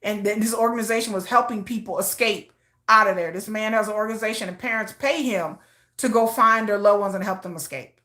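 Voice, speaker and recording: A woman's voice: medium pitch, a little fast. A woman vlogger retelling news in casual commentary, acting out the people in the story as she goes. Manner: animated storytelling, acting out quoted voices.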